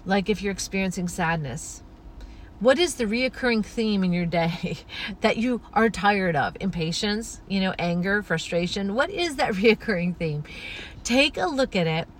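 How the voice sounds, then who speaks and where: A woman hosting a spiritual podcast, talking in a gentle, flowing, earnest way with many soft asides. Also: medium pitch, animated, unhurried, slight background noise. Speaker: podcast host.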